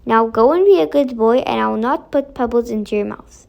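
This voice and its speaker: A stern storybook fairy who punishes wrongdoing, as a woman narrator puts her on, firm and matter-of-fact. The voice sits high with a gravelly grain. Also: a little fast, dull audio.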